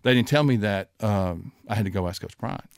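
A man in his sixties, a former football coach and the guest, telling lively stories from the sidelines and acting out the voices in them. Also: lowish voice, fairly quick, clean tone, no echo, studio quality. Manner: animated anecdote-telling, acting out quoted voices. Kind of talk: casual storytelling.

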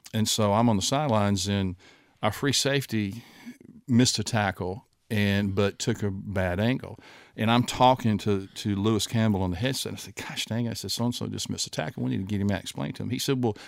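An older man with a low voice tells coaching stories in a relaxed chat, playing out the other voices as he goes. The sound is dry and close to the mic. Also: normal speed, creaky, no echo. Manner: animated anecdote-telling, acting out quoted voices. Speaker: guest, former football assistant coach. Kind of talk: casual storytelling.

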